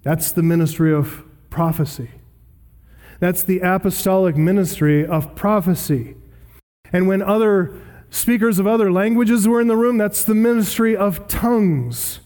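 This pastor has a high, dark voice and keeps a measured pace. He preaches an earnest, emphatic expository sermon and reads scripture aloud, with long hall reverb around him.

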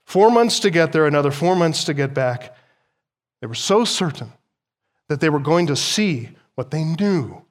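A male pastor delivering a sermon in an animated preaching style, his voice rising for emphasis. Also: on the high side.

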